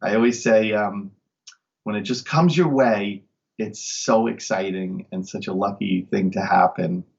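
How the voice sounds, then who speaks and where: Low gravelly man, enthusiastic guest. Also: a little slow, a little mellow, dull audio. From Long Island, New York. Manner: enthusiastic, upbeat storyteller. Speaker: guest magician. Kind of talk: casual interview chat.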